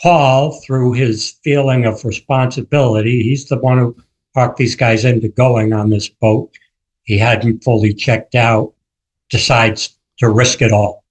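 Male author guest, mid-pitched, animated storyteller on a radio interview. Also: a little slow, poor audio. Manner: vivid storyteller, acts out quoted shouts.

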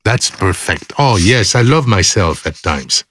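A man hosting a radio show, joking and telling stories in a playful, animated way in a studio. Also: sits low, unhurried, dry recording. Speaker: radio host. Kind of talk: studio outtakes and casual chat.

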